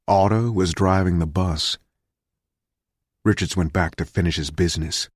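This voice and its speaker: Man, audiobook narrator, very low voice, dry close recording, measured grim delivery. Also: no room sound.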